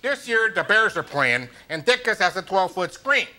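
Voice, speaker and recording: An actor playing a blustery middle-aged superfan host with a brash, nasal Chicago accent. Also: male voice, sits high, sing-song, normal speed, bright, forceful tone, exaggerated voice. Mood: boastful. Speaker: sports talk host. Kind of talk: sketch comedy acting.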